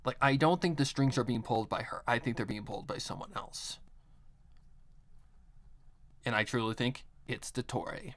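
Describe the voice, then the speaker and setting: A man's voice: mid-range voice, moderate pace, pauses often. A man chatting casually on a live stream while he works, rambling with a lot of filler words and frequent swearing.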